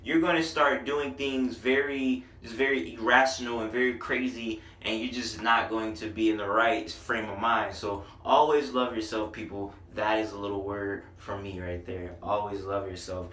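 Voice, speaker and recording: A man giving a casual, animated album review, slangy and excited about the lyrics, recorded roomy and from a distance. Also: on the low side, normal speed, hardly any pauses. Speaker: music reviewer.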